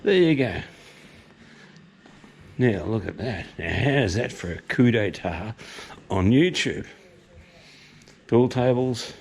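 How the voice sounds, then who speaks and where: A man's voice: fairly low pitch, lively intonation, slow, creaky, pauses often, darkish tone. An Australian man hosting a casual walk-and-talk vlog about pubs, chatty and rambling with casual swearing, recorded on a handheld camera outdoors and inside a country pub. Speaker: vlog host touring pubs.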